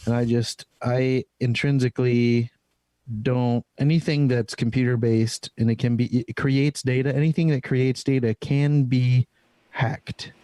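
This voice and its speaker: A man's voice: mid-range voice, warm tone, no echo. A man chatting casually in a loose, profane way with lots of fillers. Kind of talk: casual chat.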